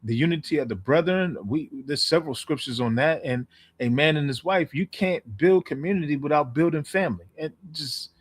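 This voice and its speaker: A man in casual scripture discussion, talking in an easygoing, halting way. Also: on the high side, husky. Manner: easygoing, halting, with fillers and laughs. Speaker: co-host.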